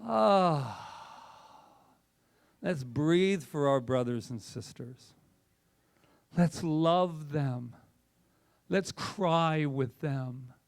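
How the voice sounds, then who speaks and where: Gravelly, impassioned male minister. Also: fairly high pitch, extremely slow. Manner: impassioned, conversational, animated. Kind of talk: sermon.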